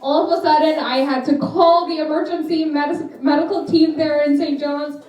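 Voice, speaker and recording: A woman telling a dramatic, animated story as a guest at a pre-wedding party. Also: high voice, moderate pace, muffled recording. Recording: very echoey room from a distance.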